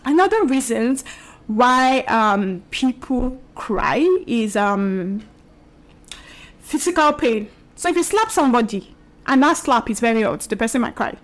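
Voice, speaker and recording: A young woman with a slightly high voice chats casually with her audience as the host of her own show. She repeats herself, drops in fillers and now and then laughs as she talks. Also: expressive, a little slow. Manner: chatty, repetitive, with laughs and fillers. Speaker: podcast and video host. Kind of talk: casual solo talk to camera.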